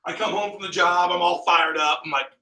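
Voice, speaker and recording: A man's voice: sits high, fairly quick, creaky. Enthusiastic male sales trainer, echoey room. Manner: energetic, enthusiastic, asks the group questions. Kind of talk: training seminar talk. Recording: echoey room, mic far off.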